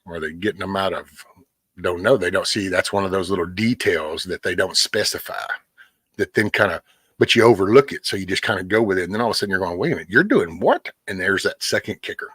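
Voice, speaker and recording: A middle-aged man hosts his own live stream, rambling along and greeting viewers by name. His voice is husky and sits low, and the sound is close and dry with no room echo. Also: fairly even intonation, fast talker, a bit bright. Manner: rambling, talks to chat by name. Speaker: livestream host. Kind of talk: casual live-stream chat.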